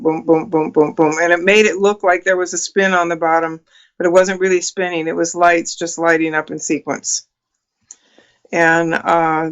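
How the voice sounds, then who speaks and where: A woman in her sixties, appearing as a talk show guest, earnestly tells a personal story in an interview, full of fillers and restarts. Her voice is fairly low in pitch with a fairly bright, smooth tone, and the sound quality is lo-fi.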